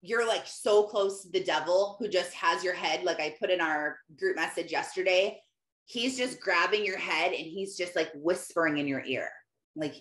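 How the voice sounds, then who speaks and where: A woman's voice: on the low side, moderate pace, fairly bright tone. A woman Christian life coach giving an emphatic, conversational motivational talk, often repeating phrases. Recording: roomy echo.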